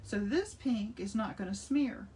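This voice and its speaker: Older woman art teacher, chatty and enthusiastic, mellow tone, slightly off-mic with faint hum. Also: mid-range voice, expressive, a little slow, recorded from a distance. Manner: chatty and enthusiastic, thinking aloud while working. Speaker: art instructor. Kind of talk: casual craft demonstration.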